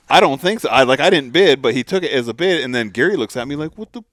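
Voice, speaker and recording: A man's voice: medium pitch, fast talker, no echo, studio quality. A man co-hosting a hunting podcast, telling a story in casual chat and acting out what people said. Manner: animated storyteller, acts out quotes. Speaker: podcast co-host.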